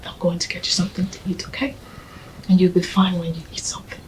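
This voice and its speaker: An actress with a Nigerian accent playing a young woman who softly comforts her grieving partner, often whispering. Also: on the low side, very fast, background noise, natural voice. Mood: tender. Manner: soft, tender, often whispering. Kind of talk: Nollywood film acting.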